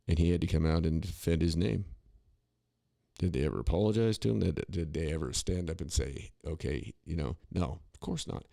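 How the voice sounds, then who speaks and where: A man's voice: sits low, a little fast, creaky, dark tone, no echo, studio quality. A man co-hosting a podcast, talking in a rambling, opinionated way with many restarts and asides. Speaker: podcast co-host. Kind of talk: casual political commentary.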